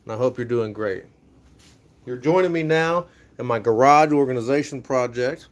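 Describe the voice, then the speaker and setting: A young American man livestreams from his home garage, chatting casually with viewers and giving rambling, upbeat pep talks as he sorts tools. He speaks at medium pitch and normal speed.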